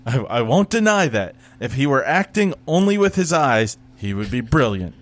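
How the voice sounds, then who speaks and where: A man's voice: medium pitch, big pitch swings, moderate pace. A man in casual chat, sarcastically recapping a TV show and acting out the characters. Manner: sarcastic, acts out characters mid-story.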